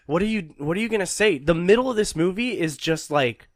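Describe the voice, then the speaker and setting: A man's voice: high voice, expressive, fairly quick, dry recording, clean studio sound. A man co-hosting a movie podcast in casual chat, laid-back and loose, with heavy filler and free swearing. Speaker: podcast co-host.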